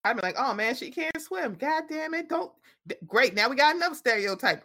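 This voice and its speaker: A woman chatting casually and profanely about a TV episode, animated and full of "I'm like.". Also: high voice, a little fast. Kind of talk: casual chat recapping a TV episode.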